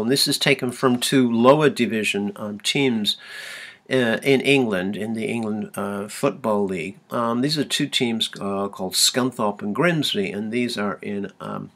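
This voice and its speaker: A man lecturing to a class, his voice sitting at an ordinary middle pitch. He talks unscripted and halting, full of fillers and restarts, and he lifts his voice to sing out short chants as examples. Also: a bit bright. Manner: many fillers and restarts, chants sung out in a raised voice. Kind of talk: recorded university lecture.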